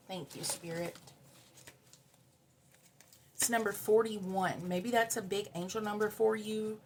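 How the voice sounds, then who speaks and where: A woman's voice: mid-range voice, a little hiss or hum. A woman doing a spiritual tarot card reading for her viewers, earnest and emotional, repeating key words for emphasis. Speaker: tarot reader.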